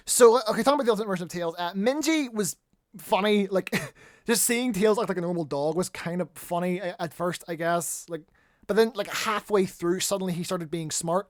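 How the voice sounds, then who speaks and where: A man's voice: high voice, dry recording. Rambling young-sounding man, dry close mic. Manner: rambling, lots of fillers, swears casually. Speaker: video reviewer. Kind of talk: casual rambling commentary.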